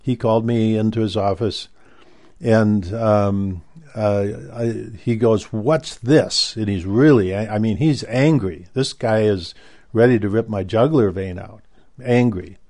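Older man with a mellow, low voice. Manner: rambling, halting storytelling with many restarts. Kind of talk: casual spoken recollection.

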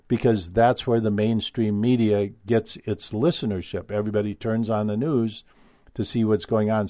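A man with a low, dark, mellow voice holds forth in a rambling, opinionated monologue, often stalling on fillers and restarting his sentences. The sound is dry and close, with no room echo. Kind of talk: casual monologue.

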